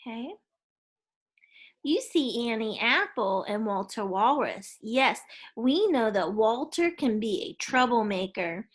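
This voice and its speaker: A woman teaching young children a phonics lesson, in a patient, encouraging way. She speaks very slowly and clearly in a slightly high voice. She often asks the children to repeat sounds back to her. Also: a bit bright.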